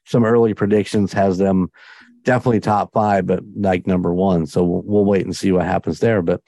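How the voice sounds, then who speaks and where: A man's voice: deep voice, steady tone, brisk, gravelly, dark tone, dry recording. A man hosting a podcast in casual chat, enthusiastic and rambling. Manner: enthusiastic, rambling, many restarts. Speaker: podcast host.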